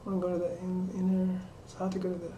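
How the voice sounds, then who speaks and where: A woman's voice: on the low side, monotone, rapid-fire, mellow, reverberant, slight background noise. A woman chatting casually to camera while doing her makeup, rambling and talking to herself in asides. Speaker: vlogger. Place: small room at home.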